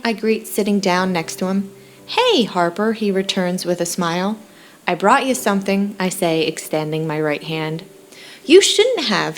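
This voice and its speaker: A woman narrating a story in first person with a light, friendly manner. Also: lowish voice. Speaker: audiobook narrator.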